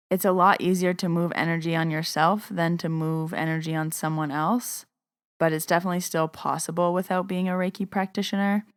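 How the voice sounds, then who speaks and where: A woman's voice: lowish voice, smooth, no echo, studio quality. A woman podcast host and Reiki master, casually answering listener questions in a chatty monologue. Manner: casual, chatty, uses "like" often.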